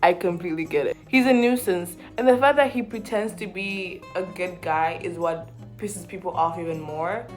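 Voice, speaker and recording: A young woman giving casual, animated commentary on a reality show, swearing freely and acting out the people she talks about. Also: on the low side, moderate pace, few pauses, faint music behind. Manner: animated, quotes people in put-on voices, swears. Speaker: vlogger.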